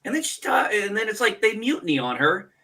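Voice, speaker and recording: A man's voice: high-pitched, very animated, fairly quick, sharp tone. A man hosting a casual stream, ranting sarcastically and swearing freely. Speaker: streamer host.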